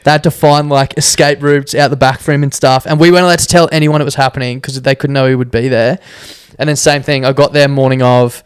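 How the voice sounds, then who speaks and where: A young Australian man, a podcast guest, telling a story in a casual, animated way and acting out what people said. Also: medium pitch, quick pace, few pauses, smooth, no echo, studio quality. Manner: animated, laughs often, acts out quotes.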